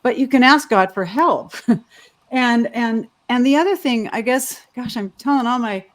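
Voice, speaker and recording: A woman's voice: a little high, normal speed. Rambling, heartfelt woman on a video call. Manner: rambling and heartfelt, with frequent restarts. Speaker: panelist. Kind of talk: candid personal sharing.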